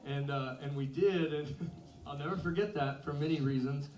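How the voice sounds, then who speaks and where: A man's voice: fairly high pitch, moderate pace, a little mellow. A male singer talking to a concert crowd between songs, telling a story in a chuckling, self-deprecating yet earnest way. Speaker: band singer on stage. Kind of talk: stage banter between songs. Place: live concert venue. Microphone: stage vocal mic. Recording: echoey live room, mic from a distance.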